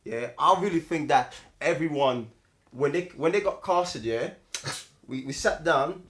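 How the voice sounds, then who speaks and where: A man's voice: on the high side, animated, measured pace. A young man, co-hosting a casual movie review with emphatic, slangy talk. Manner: slangy, emphatic, laughs often. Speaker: podcast co-host.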